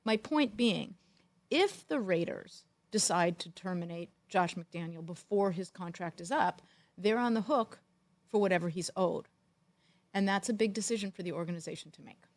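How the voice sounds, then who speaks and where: A middle-aged woman co-hosting a sports talk show, telling a long story in a wry, animated way. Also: on the low side, moderate pace. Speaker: podcast co-host, former football executive. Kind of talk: storytelling in casual chat.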